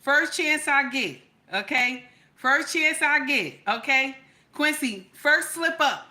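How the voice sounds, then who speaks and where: A woman's voice: high voice, animated, slow pace, pushed and bright. A middle-aged woman hosting a casual live chat, greeting viewers by name and tagging her sentences with "okay?" and "baby.". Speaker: livestream host.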